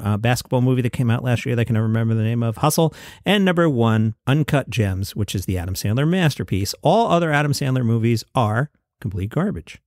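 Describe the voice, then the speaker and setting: A man's voice: mid-range voice, a little mellow, no room sound. A man hosting a solo comedy news podcast, talking in a dry, wry way with offhand asides. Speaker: podcast host.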